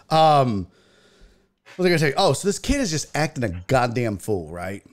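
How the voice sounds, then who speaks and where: Animated, profane man telling stories. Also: measured pace, pauses often. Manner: animated, profane, acts out quotes in a loud high voice. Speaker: podcast host. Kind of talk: casual storytelling chat.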